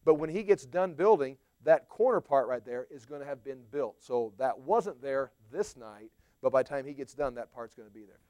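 A man's voice: mid-range voice, mellow, dry recording, studio quality. A man teaching a Bible study in a chatty, conversational way, with playful asides to his class.

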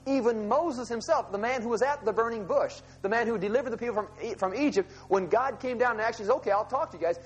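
Husky high-voiced man preaching a sermon. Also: quick pace, few pauses, low-quality recording. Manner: conversational, acts out scripture dialogue in casual voices. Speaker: pastor.

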